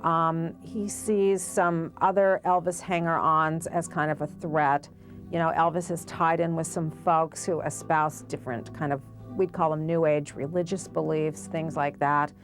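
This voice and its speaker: A woman's voice: sits low, little pitch movement, unhurried, soft background music. A woman explaining events casually in an interview. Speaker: commentator. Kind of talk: interview commentary.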